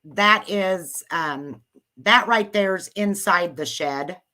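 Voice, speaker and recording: A woman's voice: mid-range voice, takes it slowly, sharp tone. A woman hosting a casual livestream, chatty and often sidetracked by technical troubles. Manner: chatty, distracted by tech troubles. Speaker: host.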